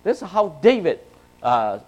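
A man's voice: high voice, big pitch swings, measured pace, darkish tone, muffled recording. A man preaching a sermon to his congregation in a conversational way, often checking in with "right?" and "okay?". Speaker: pastor. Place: church, speaking to a congregation.

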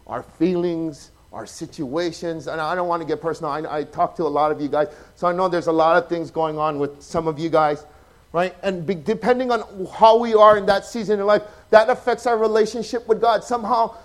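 A pastor, preaching a sermon that swings from loud, emphatic passages to soft, hushed ones. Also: male voice, fairly high pitch, a little fast. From Hawaii.

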